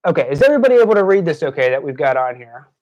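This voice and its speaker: Sitting indoors at his desk in front of a screen, a young man streams a live tutoring session in a rapid-fire, sing-song voice that's high-pitched with a darkish tone, the highs cut off. He talks loosely with plenty of fillers and restarts, pausing to scold troublemakers in chat out of exasperation.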